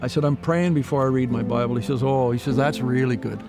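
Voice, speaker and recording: Gravelly guy telling his faith story in an interview, earnest, keeps going "i said, i said", soft music under it. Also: medium pitch, steady tone, quick pace. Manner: earnest storytelling, retelling dialogue with many "I said" tags. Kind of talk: personal testimony in an interview.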